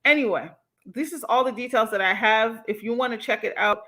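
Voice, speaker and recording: A young woman hosts a casual livestream from her home mic. Her voice sits a little high and rings bright and sharp. She talks in an animated, emphatic way and swears freely. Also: fairly quick. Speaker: livestream host.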